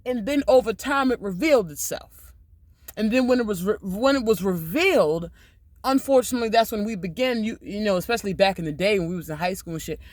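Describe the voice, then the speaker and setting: A man hosting a casual livestream, talking loudly and emphatically with lots of swearing. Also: high-pitched, animated, a little fast, dry recording, studio quality. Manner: loud, profane, emphatic. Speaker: livestream host.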